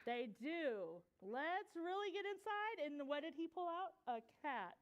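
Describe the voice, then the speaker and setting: A woman's voice: very high voice, a little slow, highs cut off. A woman reading a picture book aloud at a library story time, asking the children questions as she goes. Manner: animated, asks children questions.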